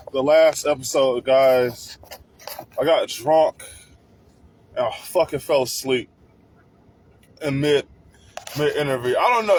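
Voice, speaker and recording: A man hosting a crude, profane comedic rant, often breaking into shouting. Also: on the high side, slight background noise. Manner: crude, swearing, bursts into shouting.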